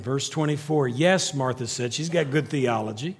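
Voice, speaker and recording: A middle-aged man preaching a sermon, telling stories with animated energy that climbs to near-shouts. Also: mid-range voice, moderate pace, hardly any pauses, slightly rough. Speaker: pastor. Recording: long reverb of a large hall.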